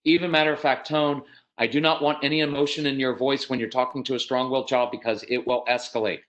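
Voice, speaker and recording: A middle-aged American man speaks at a live parenting workshop. His delivery is direct and matter-of-fact, and he breaks into lively acted voices of parents and children to make his points. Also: mid-range voice, low-quality recording. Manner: animated, acts out parents and kids in quick voices.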